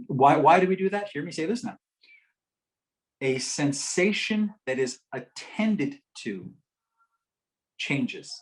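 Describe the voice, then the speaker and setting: Animated man telling a teaching story. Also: on the high side, takes it slowly, pauses often, low-quality recording. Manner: animated storyteller, lively swings between loud and hushed, acts out quotes softly. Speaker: speaker at a community health forum. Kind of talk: teaching talk with a patient story.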